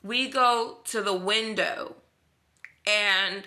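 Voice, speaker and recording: A woman's voice: medium pitch, drawn-out words. A young woman telling a personal story in a vlog, acting out the dialogue and using lots of fillers. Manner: animated retelling, acts out dialogue, filler-heavy.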